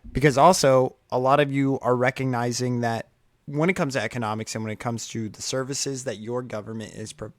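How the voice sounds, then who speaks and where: Male co-host for a casual podcast, loud and passionate, restarts his sentences often. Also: medium pitch. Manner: loud, self-described passionate talker; rambling, restarts a lot.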